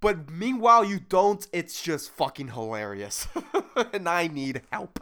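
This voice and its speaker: A man's voice: on the high side, animated, unhurried, bright, forceful tone. A man hosting a solo comedy podcast, rambling and swearing, laughing at his own jokes. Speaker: podcast host.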